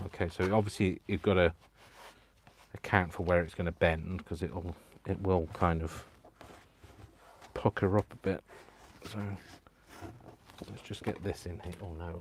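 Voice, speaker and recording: A man's voice: low voice, slight background noise. A man chatting casually through a crafting tutorial at home, rambling and self-deprecating and chuckling often. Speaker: craft vlogger. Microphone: wired mic on a tripod setup.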